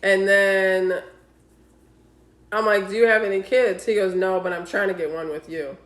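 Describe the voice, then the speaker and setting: A woman with a middle-pitched voice tells dating stories on a casual podcast, acting out each text exchange and cursing freely. Her voice echoes around a roomy space. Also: normal speed. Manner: animated storytelling, acting out quoted texts, heavy swearing. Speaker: podcast co-host. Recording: roomy echo.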